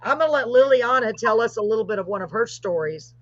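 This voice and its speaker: A woman's voice: a little high, lively intonation, fast, muffled recording. Chatty woman hosting over a video call. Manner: chatty, apologetic, gushing. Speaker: host. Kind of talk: live call-in show chat.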